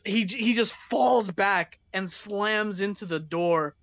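A young woman's mid-range voice moves at a slow pace as she tells a funny story, giggling and using plenty of fillers in casual chat. The sound is dull, lo-fi, and dry, with no room sound.

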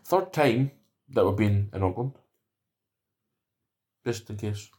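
A man's voice: on the low side, lively intonation, slow, darkish tone. A man with a Scottish accent, co-hosting a podcast in casual chat about fights, bantering in a laid-back way. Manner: laid-back banter, calls people mate. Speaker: podcast co-host.

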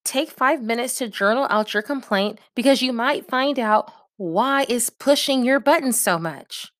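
A woman's voice: fairly high pitch, unhurried, fairly bright tone, no room sound, studio quality. A woman giving casual, direct advice in a coaching manner, often checking in with her listeners. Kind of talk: casual advice talk to camera.

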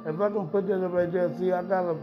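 A man's voice: high-pitched, fairly even intonation, fast. A man hosting a podcast in a rambling, profane, emphatic casual monologue. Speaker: podcast host. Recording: dull lo-fi sound with music behind.

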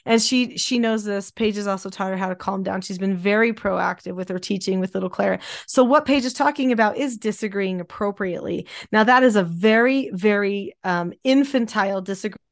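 A woman's voice: mid-range voice, a little fast, vocal fry, hardly any pauses, no echo. Woman, middle-aged, emphatic explainer, teaching parents, dry close sound. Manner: emphatic, explanatory, repeats key words. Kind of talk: instructional podcast talk.

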